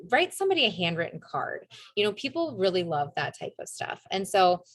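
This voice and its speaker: A woman's voice: mid-range voice, big pitch swings, a little fast, a little hiss or hum. A young woman leading a casual motivational team call, chatty and upbeat, often acting out bits of dialogue. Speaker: network marketing team leader.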